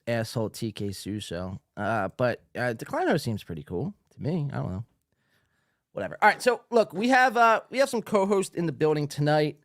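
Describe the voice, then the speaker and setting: A man's voice: mid-range voice, dry recording, studio quality. A man hosting a live podcast, talking profanely and loosely while reading out viewer comments. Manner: loud, profane, hyped yelling. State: out of breath. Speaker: podcast host. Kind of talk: live-streamed podcast talk. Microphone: studio mic.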